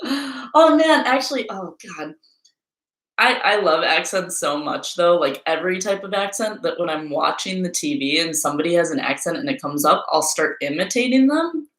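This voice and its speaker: A woman's voice: on the low side, expressive, moderate pace, a bit bright. A woman hosting a live Q&A stream, talking in a chatty, rambling way full of fillers. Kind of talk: casual live-stream chat. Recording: roomy echo.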